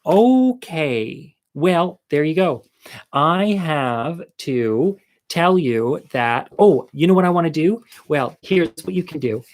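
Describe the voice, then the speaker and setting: A man telling a funny personal childhood story on his video channel, animated and acting out the voices of the people in it. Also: fairly high pitch, slow pace. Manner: animated, acts out quoted voices, laughs often. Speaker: storyteller vlogger.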